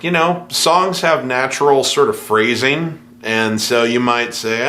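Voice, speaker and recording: A man teaching a piano lesson, scatting rhythms in nonsense syllables to show the feel, relaxed and easygoing. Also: medium pitch, unhurried, hardly any pauses, slight background noise. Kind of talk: music lesson with spoken rhythm demos.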